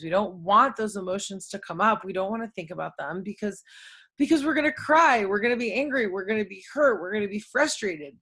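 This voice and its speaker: A chatty woman in her thirties talks loosely to her viewers, her voice sitting in a middle pitch. She rambles with plenty of fillers and keeps checking in with tag questions. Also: a bit bright, husky. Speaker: host. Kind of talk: casual talk to camera.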